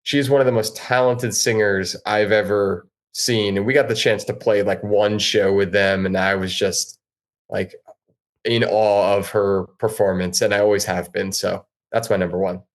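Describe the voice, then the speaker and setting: Male podcast guest, lower register, eager and rambling, casual talk. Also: fairly even intonation, moderate pace. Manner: enthusiastic, rambling with restarts. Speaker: guest musician.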